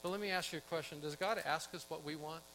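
A man's voice: a little high, fast, pushed and bright, in a large hall, slight background noise, low-quality recording. A man pastor preaching a conversational sermon, asking his congregation questions and acting out quotes.

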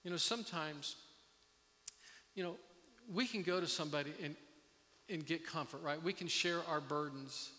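A middle-aged man preaching a sermon as pastor, earnest and halting, with many restarts. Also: high-pitched, bright, forceful tone. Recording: long reverb of a hall.

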